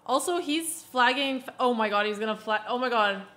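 A woman streamer with a sore throat, chatting excitedly and laughing during a live stream. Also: fairly high pitch, brisk. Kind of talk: casual live-stream commentary.

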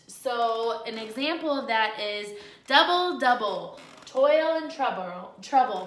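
A woman's voice: a little high, pushed and bright. A woman teaching a lesson to second-graders on video at home, in a cheerful, chatty and encouraging way. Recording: echoey room.

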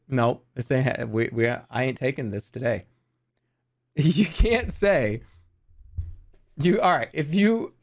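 A man chatting on his livestream, joking and acting mock-outraged, laughing often. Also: on the high side. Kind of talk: casual livestream chat.

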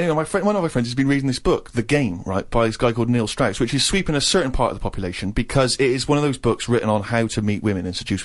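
Man telling a comic story. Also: medium pitch. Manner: animated storytelling, acting out other people's lines. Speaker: co-host. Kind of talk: comic anecdote on a radio podcast.

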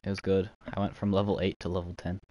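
A man's voice: low-pitched, level tone, fast, dark tone. A young man streaming a game live, joking and teasing as he chats with viewers and a friend. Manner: joking, teasing, talks to chat.

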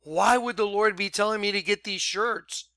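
Bright high-voiced man telling a story. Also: moderate pace, clean tone, no echo. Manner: animated retelling, repeats "I'm like". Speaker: vlogger. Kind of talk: casual storytelling vlog.

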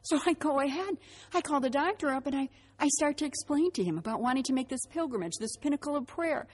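A middle-aged woman telling her personal faith testimony as a vivid storyteller, acting out the dialogue and dropping to a hushed voice at reflective moments. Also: high-pitched, expressive, quick pace. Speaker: speaker giving a faith testimony.

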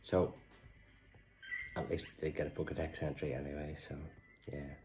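A man's voice: extremely low pitch, flat delivery, moderate pace, a little mellow, low-quality recording. A man giving casual, chatty gameplay commentary, stumbling over names and grumbling in mock exasperation. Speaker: game vlogger.

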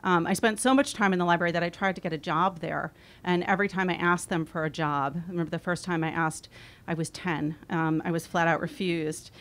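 A woman in her forties reading her own memoir aloud, wry and expressive. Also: on the low side, brisk. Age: 40s. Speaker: author.

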